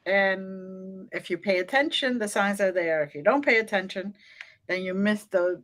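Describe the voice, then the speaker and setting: A woman co-hosting an interview, speaking in an unhurried, reflective and encouraging way. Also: mid-range voice, a bit bright. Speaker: co-host interviewer. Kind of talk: casual interview chat.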